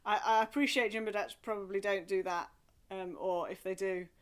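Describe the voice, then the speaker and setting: A woman leading a remote singing lesson from home, talking in a gentle, encouraging, chatty way with playful asides. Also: medium pitch, fairly even intonation, moderate pace, smooth. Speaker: singing group leader. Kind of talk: friendly remote group singing and movement lesson.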